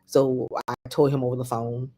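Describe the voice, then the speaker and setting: Middle-aged woman podcaster telling her own story, halting, lots of restarts and ums, quotes what people said. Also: a bass voice, little pitch movement, mellow. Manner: halting, with many restarts and fillers; acts out other people's words in quoted asides. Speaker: podcast host. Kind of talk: personal storytelling monologue.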